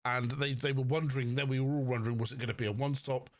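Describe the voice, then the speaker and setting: A man with a Cornish accent co-hosting a podcast, chatting through a race weekend with fillers and quick explanations. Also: medium pitch, level tone, no room sound. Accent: Cornish English. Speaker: podcast co-host. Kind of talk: casual race recap chat.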